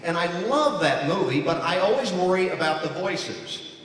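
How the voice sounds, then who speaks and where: Animated man speaking in an echoey hall. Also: sits high, moderate pace. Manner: animated storyteller slipping into character voices. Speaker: voice actor giving a speech. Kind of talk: comedic keynote speech with impressions. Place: large hall before an audience. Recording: echoey hall recording from far off, crowd noise.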